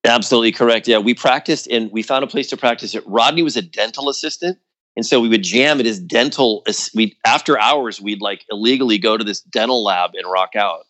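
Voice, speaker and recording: Chatty man telling a band story. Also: brisk. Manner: animated storytelling, acts out quotes in a higher voice; loose and chatty, many fillers like "like" and "you know". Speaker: guest musician. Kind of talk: casual storytelling.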